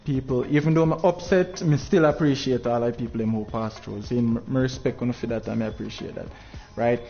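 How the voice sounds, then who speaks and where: A man's voice: medium pitch, fairly even intonation, fairly quick, vocal fry, muffled recording, soft background music. A Jamaican man hosting a game tournament livestream, talking in heavy patois, frustrated and preaching at his viewers.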